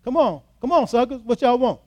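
Here is a cocky man at the dice table , put on by a preacher mid-sermon. His voice jumps high and loud with every roll. He taunts everyone around him. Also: expressive, brisk. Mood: hyped. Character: excited man gambling at dice, brash and taunting.

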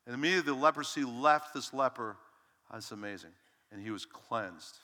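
A man in his sixties preaching a sermon as pastor, dramatic, dropping to a hush and rising to a shout. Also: mid-range voice, lively intonation, moderate pace, pauses often. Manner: dramatic, swinging from hushed to shouting. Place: church sanctuary. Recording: long reverb in a large hall.

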